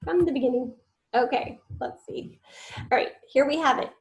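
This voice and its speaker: A woman's voice: sits high, moderate pace, low-quality recording. A woman teacher giving an online spelling lesson, patiently sounding out words syllable by syllable and sometimes whispering the letters.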